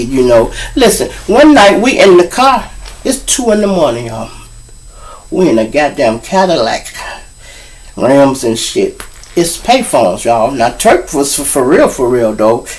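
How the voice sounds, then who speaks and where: A middle-aged man from Chicago with a Chicago accent, hosting a show and telling street stories in a casual, animated way, acting out the people in them. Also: mid-range voice, rough recording. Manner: animated, acts out voices of people in his stories. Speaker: storyteller host.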